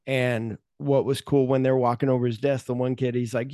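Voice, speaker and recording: A man's voice: mid-range voice, little pitch movement, moderate pace, few pauses, mellow, no echo, clean studio sound. A middle-aged man hosting a podcast, retelling movie scenes in casual chat and swearing freely. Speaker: podcast host.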